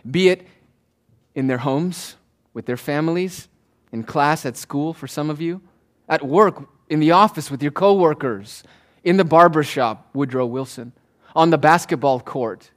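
A man preaching a sermon to his church in an emphatic, rhythmic way, repeating key phrases and slowing down to stress words. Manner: swings between soft low asides and loud raised declarations. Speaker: pastor.

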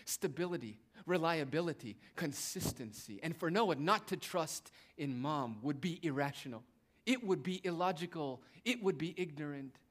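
A man's voice: on the high side, expressive, moderate pace. A young man preaching a sermon, emphatic and repetitive, addressing his listeners as beloved. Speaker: pastor.

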